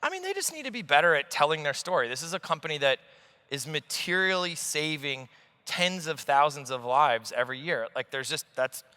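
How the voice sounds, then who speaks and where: Animated, bright-voiced male investor on stage. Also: mid-range voice, clean tone. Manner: animated storyteller, swears freely. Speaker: investor guest. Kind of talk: on-stage conversation. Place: large conference hall stage. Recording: long hall reverb.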